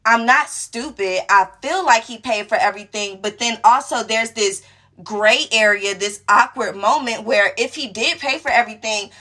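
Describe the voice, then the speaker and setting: A woman's voice: fairly high pitch, moderate pace. A young woman hosting a radio talk show, telling a story casually and acting out each person's lines. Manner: animated, acts out dialogue in different voices.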